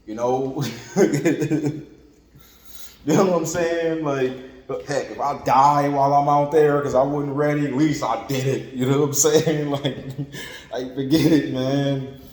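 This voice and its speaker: A man's voice: mid-range voice, steady tone, unhurried, darkish tone. A man preaching an informal sermon in a conversational, repetitive way, with lots of "like" and "you know what I'm saying". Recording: echoey room with long reverb and faint ambience.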